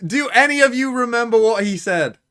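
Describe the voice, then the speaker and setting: Man, sarcastic watch-party co-host, very high pitch, teasing and profane. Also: expressive, brisk, fairly bright tone, clean tone. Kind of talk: casual chat.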